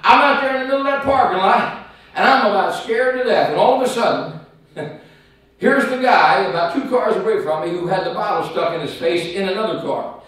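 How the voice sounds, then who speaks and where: Male evangelist, folksy animated storyteller, high voice, heard from a distance in a very echoey church. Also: fairly quick. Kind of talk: sermon testimony storytelling. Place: church sanctuary.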